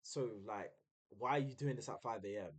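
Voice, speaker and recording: Young guy, streamer, relaxed slangy storyteller. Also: normal speed, slightly rough. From United Kingdom. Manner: chatty, uses slang, mimics others in a high voice. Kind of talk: casual storytelling.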